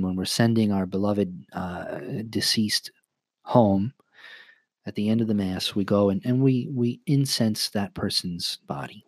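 A man's voice: on the low side, no echo. A man co-hosting a podcast, a priest explaining church practice in a thoughtful way, with many fillers and restarts. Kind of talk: casual explanatory podcast chat.

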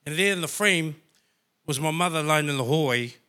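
A man's voice: on the high side, moderate pace, bright, forceful tone. A man from New Zealand telling a personal testimony in church, emotional and heartfelt. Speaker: church member sharing testimony.

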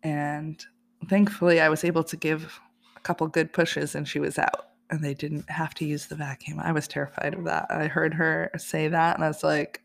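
A woman's voice: low-pitched, flat delivery, moderate pace, gravelly. A woman hosting a podcast, telling a personal story in a chatty, casual way and laughing often. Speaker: podcast host.

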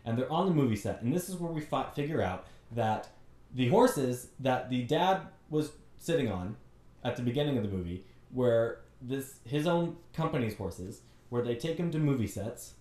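A movie reviewer with a warm, medium-pitched voice speaks expressively at a normal speed, sounding reverberant and recorded from a distance. In a comedic rant, he gives an exasperated, joking recap of a bad movie, putting on mocking voices along the way.

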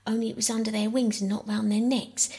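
A woman reading aloud, voicing a bossy, quarrelsome young girl in an insistent, high voice. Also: flat delivery, brisk, mellow, lightly acted. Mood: indignant.

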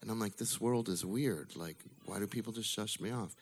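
Storyteller: man, low voice with a creaky grit, casual and wry, swears freely, live bar story night. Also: moderate pace. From Illinois. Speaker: storyteller at a bar open mic.

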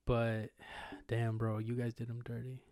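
Young male podcast co-host, slangy storyteller, flat delivery, smooth and dry. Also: mid-range voice, a little slow, no room sound. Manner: slangy, rambling, acts out quotes with swearing. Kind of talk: casual storytelling chat.

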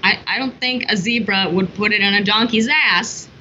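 A woman co-hosting a casual podcast, teasing and cracking deadpan jokes. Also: medium pitch, normal speed, highs cut off, a little hiss or hum. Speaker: podcast co-host. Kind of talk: casual late-night podcast chat.

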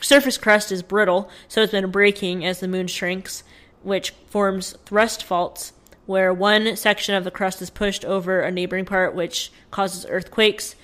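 A woman's voice: mid-range voice, steady tone, measured pace, fairly bright tone. A woman co-hosting a casual podcast, sharing news stories in a chatty way with plenty of fillers. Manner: chatty, reads from notes with fillers. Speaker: podcast co-host.

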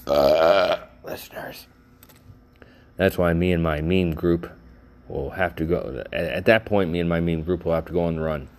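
A man's voice: deep voice, fairly even intonation, brisk, darkish tone. A middle-aged man hosting a solo podcast, rambling goofily and laughing at his own jokes, sounding tired and worn out. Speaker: podcast host.

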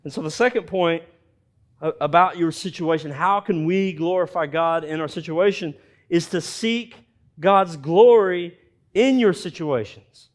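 A pastor with a fairly high voice preaches a sermon, reading scripture aloud and animatedly acting out each character's lines. He pauses along the way to comment.

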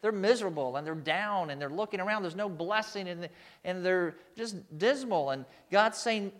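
A man with a notably high voice preaches a sermon. He speaks emphatically and turns to his listeners with rhetorical questions. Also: lively intonation, moderate pace, fairly bright tone. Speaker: pastor.

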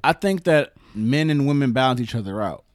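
A man hosting a casual podcast conversation, animated and quick to repeat his words as he talks. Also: medium pitch, no echo. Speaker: podcast host.

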